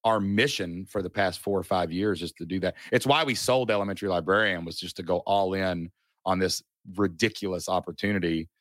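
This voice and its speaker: Chatty kentucky guy, deep-ish voice, dry close sound, telling his story on a podcast. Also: a little fast, no room sound. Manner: animated storyteller, many asides and fillers. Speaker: guest entrepreneur. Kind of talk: casual storytelling interview.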